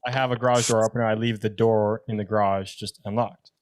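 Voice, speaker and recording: A young man co-hosting a casual chat, reacting quickly and chattily, with slang and the odd swear. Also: on the low side, fairly even intonation. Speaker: podcast co-host.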